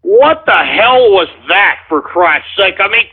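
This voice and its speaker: A man's voice: high voice, animated, measured pace, few pauses, breathy edge. A man hosting a call-in radio show who swears a lot and rants in exasperation. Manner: profane, exasperated ranting. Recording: tinny phone-like audio.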